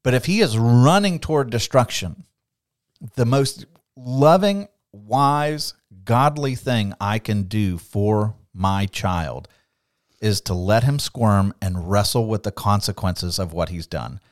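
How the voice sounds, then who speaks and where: A man co-hosting a Bible study podcast, teaching in a lively, conversational way, laughing often and acting out quotes. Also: fairly low pitch, takes it slowly, no room sound, clean studio sound.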